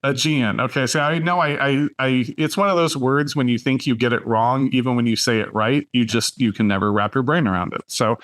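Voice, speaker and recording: A man hosting a casual podcast chat, loose and chatty, laughing often and filling pauses with "um". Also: medium pitch, a bit bright. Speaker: podcast host.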